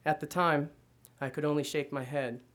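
Man reading fiction in a flat voice. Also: fairly high pitch, normal speed. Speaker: reader. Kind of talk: first-person literary reading.

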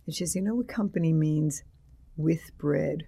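A man's voice: a little high, normal speed, vocal fry, warm tone. An older man, an author and teacher being interviewed, rambling through anecdotes with many restarts and acted-out quotes.

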